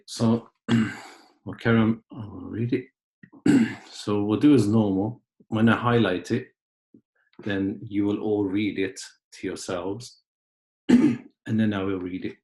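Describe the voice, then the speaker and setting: A man teaching a class, patiently explaining words step by step and often clearing his throat. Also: on the low side, darkish tone, echoey room. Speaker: Arabic teacher. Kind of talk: online class lesson.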